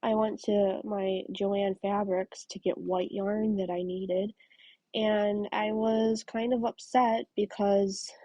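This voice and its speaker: Woman, chatty crafting vlogger, mellow husky voice, dry close sound. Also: medium pitch, no room sound. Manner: chatty, rambling storyteller, drops to soft asides. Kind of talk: casual chat while crocheting. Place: home craft room.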